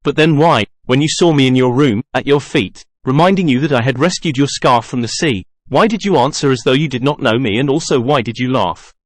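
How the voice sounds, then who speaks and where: A man's voice: mid-range voice, brisk, few pauses, dry recording, clean studio sound, natural voice. A man reading the lines of a shy, jealous young nobleman in an earnest, pleading way.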